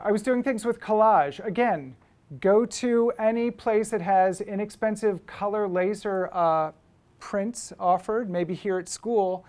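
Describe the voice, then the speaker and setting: A man's voice: sits high, a little mellow. A man, a photographer and book publisher, giving an anecdotal lecture to students at a school, telling stories in a conversational way with many fillers and restarts.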